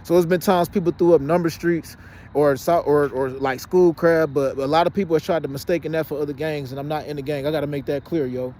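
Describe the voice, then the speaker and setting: Man, rapid insistent outdoor phone vlog, high-ish voice. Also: fairly even intonation, darkish tone, slight background noise. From Detroit, Michigan. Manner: rapid and insistent, often says "you know what I'm saying". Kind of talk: casual monologue to camera. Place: outdoors by a fenced exercise area.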